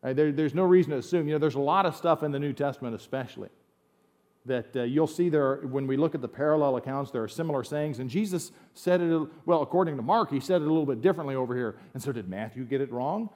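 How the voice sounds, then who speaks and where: A man's voice: medium pitch, fast, a little mellow. A middle-aged man from the United States, preaching a sermon as a pastor in a conversational way that swings into emphatic bursts.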